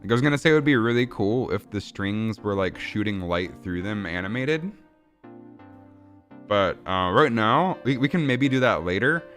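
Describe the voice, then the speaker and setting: A man's voice: on the low side, animated, normal speed, a bit bright, soft background music. A man casually chatting with viewers while building a game, rambling, swearing and laughing. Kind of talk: casual livestream chat.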